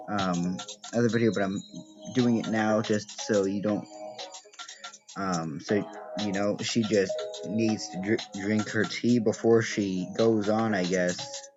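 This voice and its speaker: A young man chatting through a game walkthrough, thinking aloud and correcting himself as he plays. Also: fairly low pitch. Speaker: gaming video creator. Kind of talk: casual game walkthrough commentary. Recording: dull lo-fi audio with game music. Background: game music.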